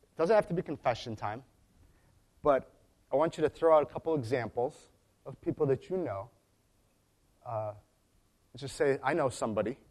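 Speaking in a mid-range, somewhat mellow voice at a moderate pace, a man pauses often as he preaches. His sermon is relaxed storytelling, marked by frequent restarts and asides.

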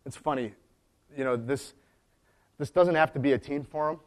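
A man's voice: medium pitch, normal speed. A man preaching in a conversational way, telling stories with frequent restarts and asides. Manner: chatty storytelling with frequent restarts. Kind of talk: conversational sermon.

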